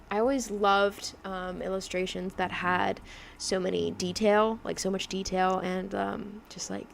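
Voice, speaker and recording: Chatty young woman with a gravelly edge. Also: medium pitch, a little hiss or hum. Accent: drifting mix of mimicked accents. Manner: chatty, rambling, laughs often, many fillers. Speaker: digital artist livestreaming. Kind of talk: casual livestream chat while drawing.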